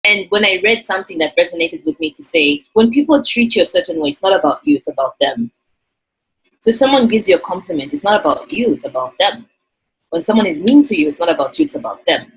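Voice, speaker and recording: A woman's voice: medium pitch, lively intonation, fast talker, creaky, slightly rough, rough recording. A woman from Zambia, earnestly and reflectively telling a personal story in an interview. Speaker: interview guest.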